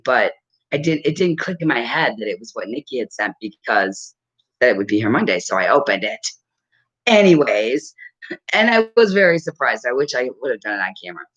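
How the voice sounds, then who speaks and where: In a dull lo-fi clip, a fifty-something vlogger chats to camera from home, her dog nearby, laughing a lot as she rambles. She has a low, rumbling, slightly rough voice with a fairly bright tone.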